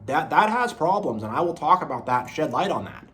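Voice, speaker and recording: In an unscripted motivational monologue, a man who makes motivational videos rambles earnestly, repeating phrases and often saying "you know." His voice is fairly high, fairly bright and sing-song, and he talks fairly quickly.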